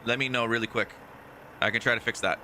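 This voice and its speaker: A man's voice: medium pitch, steady tone, fast, pushed and bright, slight background noise. A man chatting casually during a live game stream, teasing and talking to viewers and people off-mic. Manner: chatty, teasing, talks to chat and off-mic family.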